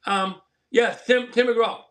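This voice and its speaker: A man's voice: very high-pitched, fairly even intonation, takes it slowly. A man hosting a live stream, chatting in a rambling, earnest and preachy way to his viewers. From southern Colorado. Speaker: livestream host. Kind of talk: casual livestream chat.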